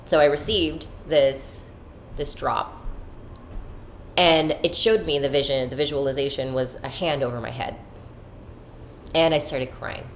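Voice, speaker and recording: With a bass voice, a measured pace and long pauses, a woman hosts a podcast over a little hiss or hum. She talks candidly and with emotion about her inner life, swearing freely and drawing on spiritual self-help language.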